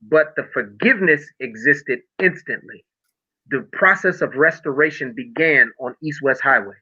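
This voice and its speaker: A man's voice: mid-range voice, normal speed, sharp tone, slightly rough. A middle-aged man telling a personal story of faith and healing in a podcast conversation, emotional and preacher-like. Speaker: podcast guest. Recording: tinny phone-like audio.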